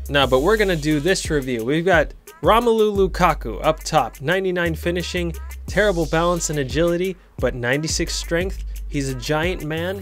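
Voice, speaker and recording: A man giving chatty, excitable commentary on a football video game as a gaming channel host. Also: on the high side. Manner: excitable, chatty, cheers on players. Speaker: gaming YouTuber. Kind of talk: casual gameplay commentary.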